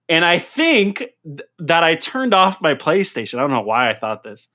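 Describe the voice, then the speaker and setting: A man hosting a casual podcast chat, telling stories in an animated way and laughing through them. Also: on the high side, normal speed. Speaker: podcast host. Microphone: headset mic.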